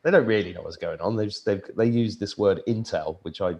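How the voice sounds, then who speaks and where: A man's voice: lowish voice, a little fast, warm tone, highs cut off. A man hosting a casual group chat on a video call, joking around and swearing freely. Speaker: host.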